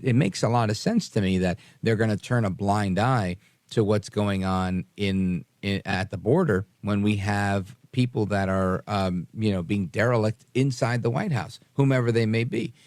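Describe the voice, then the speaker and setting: A man's voice: fairly low pitch, a little mellow, dry recording. A man hosting a call-in radio talk show, earnest and rambling as he answers a caller. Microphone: studio mic.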